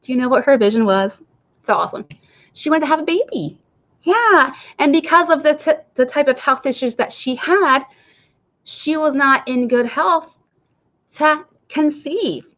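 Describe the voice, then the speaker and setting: A woman with a fairly high voice gives a casual coaching talk as a nurse and health coach. She chats straight to her viewers and keeps asking them questions. The recording sounds dull and lo-fi. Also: expressive, unhurried, fairly bright tone. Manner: chatty, addresses viewers directly.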